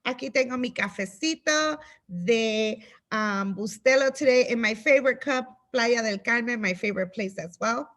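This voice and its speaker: Bright high-voiced chatty woman co-host. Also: moderate pace, few pauses. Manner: bubbly, drops Spanish phrases, laughs often. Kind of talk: casual chat.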